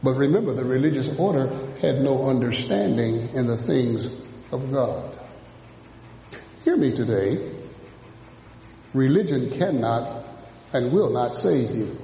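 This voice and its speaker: A man preaching a sermon, dropping low and then rising to shouts as he mimics churchgoers. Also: animated, a little slow, creaky, pauses often, a little hiss or hum. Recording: echoey hall from a distance.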